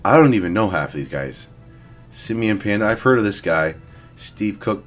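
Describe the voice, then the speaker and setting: A man's voice: low-pitched, normal speed, soft background music. A young man giving blunt, profane, rambling casual commentary as he ranks fitness figures. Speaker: fitness vlogger. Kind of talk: casual commentary ranking influencers.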